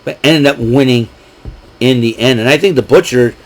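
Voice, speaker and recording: A man's voice: mid-range voice, normal speed, low-quality recording. A man hosting his own show, recapping a wrestling event in a rambling, chatty way with lots of fillers and asides. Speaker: show host. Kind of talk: casual solo wrestling recap.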